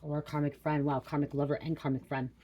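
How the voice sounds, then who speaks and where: Low-voiced woman giving a psychic reading. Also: little pitch movement, quick pace, dark tone, slight background noise. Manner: repetitive, stream-of-consciousness, blurting names. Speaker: psychic card reader. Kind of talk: intuitive reading to viewers.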